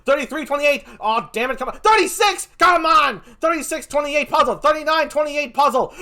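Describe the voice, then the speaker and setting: Animated bright-voiced male stream host. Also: extremely high pitch, brisk. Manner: theatrical, excitable, counting votes aloud like an auctioneer. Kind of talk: live stream game show hosting.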